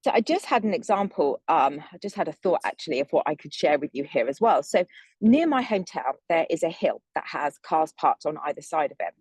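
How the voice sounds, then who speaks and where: A young woman speaking as a manifestation coach, teaching in a measured, earnest and gentle way. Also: low voice, sing-song, slightly rough, no room sound. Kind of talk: calm spiritual teaching monologue.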